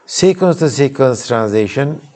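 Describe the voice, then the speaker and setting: Recorded live in a lecture hall, this Turkish-accented man delivers a university lecture in a relaxed, informal way. His mid-range voice is animated, unhurried and slightly mellow. He frequently starts sentences over and turns aside to check on his students.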